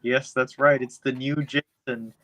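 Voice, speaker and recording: A man's voice: mid-range voice, little pitch movement, a little slow, fairly bright tone, no room sound. A man co-hosting a podcast, recapping a film in a loose, profane, rambling way. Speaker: podcast co-host. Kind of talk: casual podcast chat.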